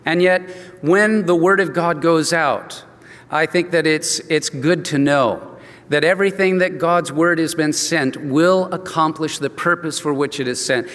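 An older man, a pastor, preaching an expository sermon in a relaxed, conversational way and acting out the dialogue of his stories. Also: on the high side. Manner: conversational, acts out quoted dialogue. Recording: long reverb from a large hall.

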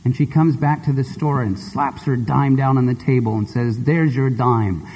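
Husky preacher in a reverberant hall. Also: male voice, medium pitch, normal speed. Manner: expressive, conversational storyteller. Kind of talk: sermon with storytelling.

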